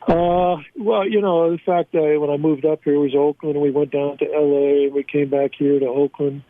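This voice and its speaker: Older man, halting storyteller, lots of fillers, tinny phone line, dry sound. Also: a little high, level tone, no echo. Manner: halting, many fillers and restarts, laughs at own stories. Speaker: guest, former team scout. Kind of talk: storytelling in a casual interview.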